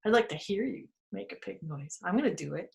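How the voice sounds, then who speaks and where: A woman hosting a children's museum storytime lesson, playful and animated, making animal noises and sound words for young kids. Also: mid-range voice, gravelly, a little hiss or hum.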